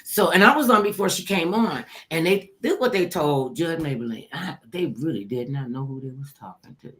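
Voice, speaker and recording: Low-voiced older woman telling a lively story. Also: moderate pace. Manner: animated, acts out quoted voices, laughs. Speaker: talk show host telling her story. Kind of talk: casual storytelling chat.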